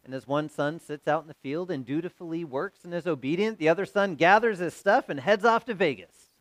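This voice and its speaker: A man preaching with a notably high-pitched voice, retelling stories and slipping into the characters' voices as he goes. The sound is dry and close, with no room echo. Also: brisk. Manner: storytelling, acts out quoted voices. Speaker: pastor. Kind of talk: sermon.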